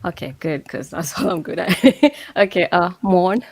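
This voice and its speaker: A woman's voice: on the low side, expressive, normal speed, breathy edge, no echo. A woman taking part in an online study group, speaking hesitantly over a video call and laughing at her own attempts. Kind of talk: casual online discussion.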